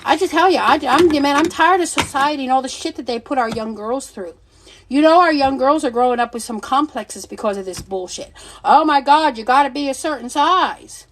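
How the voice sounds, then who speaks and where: A middle-aged woman with a high, bright-sounding voice hosts a casual livestream. She talks bluntly and with lots of energy, swearing freely and laughing often as she chats with her viewers. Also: expressive, fairly quick, slight background noise. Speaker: livestream seller and host.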